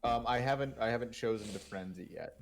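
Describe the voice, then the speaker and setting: A man playing a tabletop game, talking in an unhurried, hesitant way with many ums. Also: mid-range voice, slight background noise. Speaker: player. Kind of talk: casual tabletop game chat.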